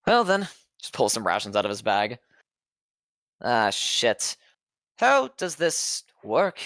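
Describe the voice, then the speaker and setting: Player, man, mid pitch, dry close sound, wry and joking. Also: huge pitch swings, slow pace, a bit bright, no room sound. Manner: swears freely, wry and joking. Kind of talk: casual tabletop play.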